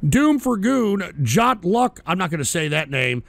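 High, gravelly-voiced profane stream host. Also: male voice, big pitch swings, unhurried, a bit bright, no echo. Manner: profane, sarcastic rambling. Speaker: streaming talk show host. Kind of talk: reading chat names on a live stream.

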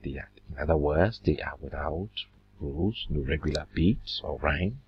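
A man teaching a literature lesson, slow and deliberate, drawing out words as he counts syllables, with a husky voice. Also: very deep voice, slight background noise. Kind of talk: recorded classroom lesson. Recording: dull lo-fi recording.

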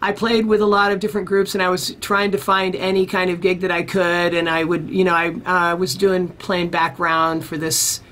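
A man's voice: high voice, normal speed, few pauses. A man being interviewed about his music career, telling a long story in a casual, rambling way and acting out the people he quotes. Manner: animated storyteller who acts out the people he quotes; rambling, with many restarts.

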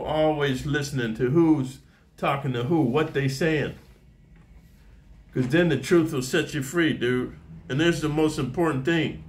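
A man's voice: mid-range voice, slight background noise. A man giving a casual, profane monologue to camera in boastful street talk, speaking as a martial arts teacher.

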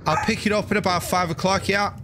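A man live-streaming a game, commenting in a crude, joking way with excitable outbursts. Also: high-pitched, fairly quick, background noise.

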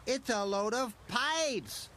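A man's voice: very high voice, expressive, slow, sharp tone, slight background noise, pitched above the performer's own voice, exaggerated voice. A man voicing a small, cheerful, helpful engine in a storybook reading, friendly and a little exasperated.

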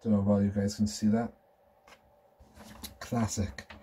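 A man's voice: fairly low pitch, flat delivery, measured pace, mellow, breathy edge. A man in his thirties chatting casually and enthusiastically as he shows off collectibles at home. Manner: rambling, enthusiastic, nostalgic. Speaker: collector vlogger. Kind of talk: casual show-and-tell chat.

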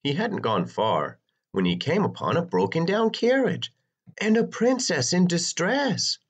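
Slow, husky man reading a storybook. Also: dull audio. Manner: expressive, sweeping pitch for drama. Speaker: narrator.

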